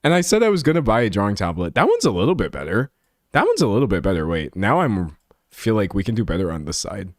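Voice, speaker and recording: A young man streaming live, chatting with his viewers in a joking, self-mocking way. His pitch jumps around a lot. The sound is dry and close, with hardly any room around it. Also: very animated, fast talker, no echo. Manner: self-deprecating, chatty, laughs often. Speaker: livestreamer. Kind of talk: casual live-stream chat while editing.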